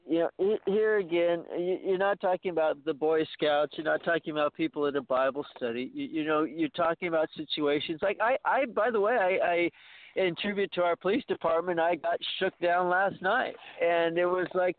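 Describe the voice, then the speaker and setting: A man's voice: fairly high pitch, moderate pace, dry recording. A man calling in to a radio talk show, telling a long story in a rambling way, with many restarts and stammers, and acting out the dialogue. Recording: tinny dry phone line.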